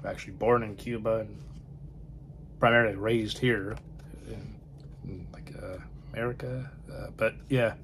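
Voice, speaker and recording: A man's voice: fairly low pitch, fairly even intonation, measured pace, pauses often, fairly bright tone, slight background noise. A man chatting casually about films, rambling and often trailing off to a murmur. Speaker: film vlogger. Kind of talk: casual film chat.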